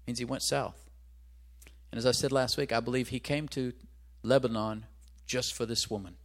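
A man's voice: mid-range voice, steady tone, normal speed. Man preaching a conversational sermon. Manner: conversational preaching with rhetorical questions; searches aloud for references, restarts. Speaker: pastor.

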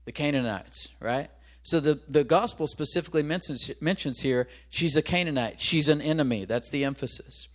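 A man's voice: a little high, moderate pace, few pauses, a bit bright. A man preaching a sermon in a conversational way, asking the congregation rhetorical questions and stopping to search aloud for his references. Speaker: pastor.

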